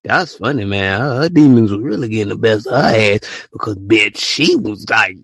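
A man hosting a live audio show, ranting in casual slang and often jumping into high, mocking quotes. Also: lively intonation, normal speed, fairly bright tone, breathy edge, no echo, clean studio sound. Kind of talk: casual rant to listeners.

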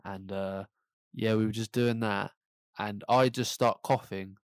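A man's voice: lowish voice, fairly even intonation, a little slow, smooth, no echo. A young man, casually telling school stories as a podcast co-host, laughing often and swearing freely. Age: young adult. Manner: laid-back, swears a lot, laughs often. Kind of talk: casual storytelling chat.

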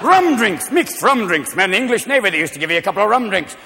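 A man doing a stand-up comedy routine, manic and loud, jumping between shouted voices. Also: high voice, lively intonation, creaky. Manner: manic, shouting, quick voice switches. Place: comedy stage before a live audience. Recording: live hall recording with crowd noise.

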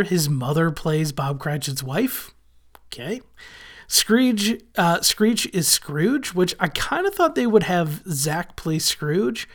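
A man hosting a podcast, casually recapping a TV episode with wry asides and frequent pauses of "uh". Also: sits high. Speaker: podcast host.

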